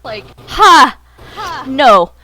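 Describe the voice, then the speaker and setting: Brief: woman playing a high, prim villain mage, fussy and slow-spoken. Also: sing-song, sharp tone, a little hiss or hum, heavily acted. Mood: smug. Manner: fussy, pompous and flustered. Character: fussy, prim villainous mage who hates being touched.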